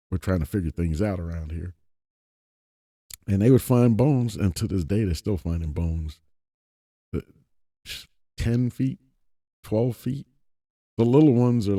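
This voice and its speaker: A man's voice: low-pitched, dark tone, dry recording, studio quality. A man casually reading scripture and commenting on it, digressive and chuckling between points. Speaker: religious commentator.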